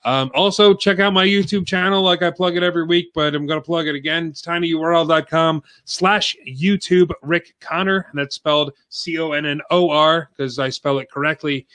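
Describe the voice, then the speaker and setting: A man's voice: a little high, fairly even intonation, normal speed, few pauses, fairly bright tone. A man hosting a casual podcast, chatting loosely with lots of fillers and plugs, a bit out of breath. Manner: rambling, filler-heavy plugging. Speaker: podcast host.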